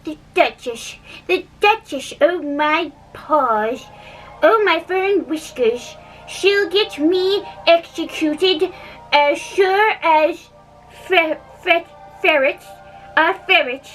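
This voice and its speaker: A woman's voice: very high-pitched, animated, takes it slowly, fairly bright tone, pitched above the performer's own voice, heavily acted. A woman voicing a fretful rabbit who mutters and stammers anxiously, recorded from a distance with faint music behind.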